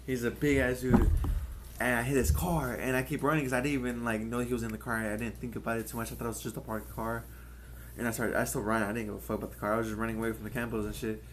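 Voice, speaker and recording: A man's voice: mid-range voice, little pitch movement, fast. A young man tells a long story on a casual home podcast, rambling, swearing freely and acting out what others said. A faint noise sits under his voice. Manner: rambling, profane, acts out others' lines. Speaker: podcast co-host.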